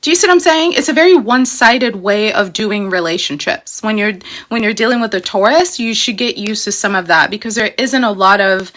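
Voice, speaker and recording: A woman's voice: mid-range voice, fairly quick, few pauses, fairly bright tone. A woman hosting a casual astrology talk, explaining in a chatty, emphatic way with frequent "you know" and "okay?". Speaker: astrology host.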